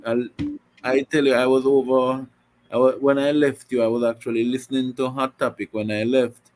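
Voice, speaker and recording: A man's voice: medium pitch, little pitch movement, moderate pace, darkish tone, soft background music, low-quality recording. A man, a guest on a talk show, speaking earnestly and often repeating words as he finds them. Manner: repeats himself while finding words, earnest. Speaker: guest commentator. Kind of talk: casual talk show chat.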